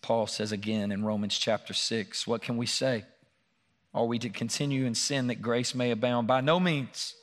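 Male pastor, mid-pitched, earnest sermon delivery that climbs on scripture and softens on stories. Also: steady tone, normal speed. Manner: earnest preaching, rising and louder when reading scripture, hushed in personal stories. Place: church room.

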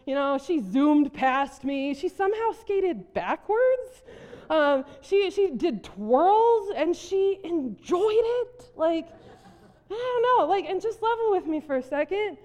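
A woman pastor from South Dakota preaches a sermon in a church hall, telling a story animatedly and laughing often. Her voice is high with big pitch swings, measured in pace and a little mellow, carried by the long reverb of the hall.

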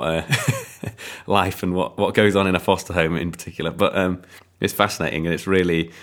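A man reviewing films on a podcast in casual chat, rambling and enthusiastic with lots of ums. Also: deep voice.

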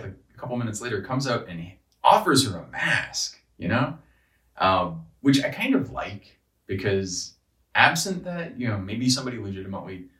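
A man's voice: on the low side, fairly bright tone, roomy sound, distant mic, low-quality recording. A man ranting casually and profanely, exasperated and rambling, often restarting his sentences. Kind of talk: casual rant.

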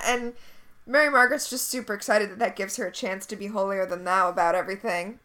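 A woman's voice: medium pitch, fast talker, pushed and bright. A woman co-hosting a podcast, recapping a TV episode in casual chat, blunt and sarcastic. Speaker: podcast co-host.

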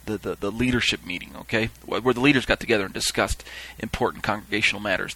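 A man gives a teaching sermon, reading passages aloud and stopping to explain them. His voice is bright and a little tense. The sound is dry and close, with no room around it. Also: mid-range voice, no echo, low-quality recording. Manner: explanatory, acts out quoted call-and-response with raised voice. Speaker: Bible teacher.

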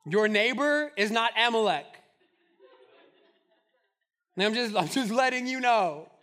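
A man preaching a sermon in an animated way, acting out the voices of the people in his stories. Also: extremely high pitch, normal speed. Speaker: pastor.

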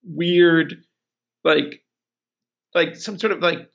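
Casual male podcaster, raspy edge and sharp bright tone, loose rambling delivery. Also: a little high, drawn-out words, lo-fi sound. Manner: rambling, many "like"s, acts out characters. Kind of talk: casual podcast recap chat.

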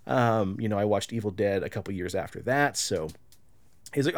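A man co-hosting a casual podcast, telling a story with lively quoted voices, swearing and laughing. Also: fairly low pitch, a little fast. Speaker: podcast co-host.

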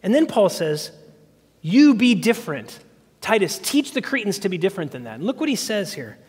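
High-voiced preacher in a reverberant hall. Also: male voice, very animated, fast talker, slightly rough. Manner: earnest, asks the congregation questions. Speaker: pastor. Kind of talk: sermon.

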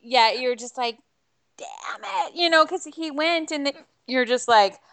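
A woman co-hosting a casual podcast, animated and acting out her reactions, with the hiccups. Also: sits high, normal speed. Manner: animated storyteller with acted-out reactions. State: has the hiccups.

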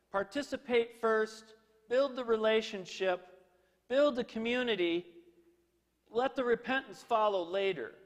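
Male pastor, high voice, playful self-mocking storyteller, preaching in a reverberant sanctuary. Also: fairly bright tone. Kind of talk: sermon. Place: church sanctuary. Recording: long hall reverb.

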